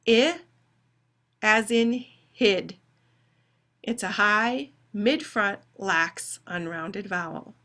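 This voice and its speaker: A woman phonetics instructor giving a recorded lecture, deliberately spelling out sounds and dictating test words. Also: mid-range voice, sharp tone.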